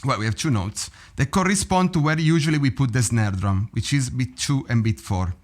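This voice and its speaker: A man teaching drum rudiments in a relaxed, animated way, often vocalizing rhythms and laughing. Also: mid-range voice, moderate pace. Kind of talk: practice session teaching. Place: drum studio.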